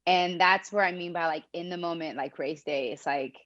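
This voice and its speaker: A woman's voice: fairly low pitch, moderate pace, a bit bright, dull audio. A young woman speaking as a podcast guest in a casual, reflective way, laughing often. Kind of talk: casual interview talk.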